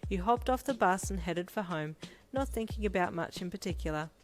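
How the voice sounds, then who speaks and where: A woman's voice: fairly low pitch, expressive, a little fast, soft background music. A woman narrating a fan story aloud in second person, reading steadily. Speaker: fanfiction reader.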